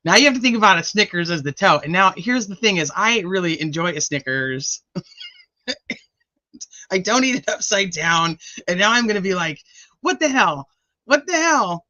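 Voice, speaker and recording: A woman's voice: on the low side, animated, moderate pace, sharp tone, no room sound, muffled recording. A woman hosting a casual true crime livestream, joking, teasing and swearing as she reads viewer comments, laughing often.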